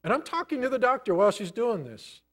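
A middle-aged man preaching a sermon, telling a personal story in a conversational way with many pauses. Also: very high-pitched, sing-song. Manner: storytelling, conversational, pausing often. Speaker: pastor.

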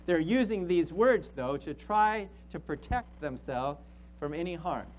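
High, lively-voiced pastor preaching a sermon. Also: male voice, unhurried, slight background noise, rough recording. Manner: emphatic, repeats phrases for stress.

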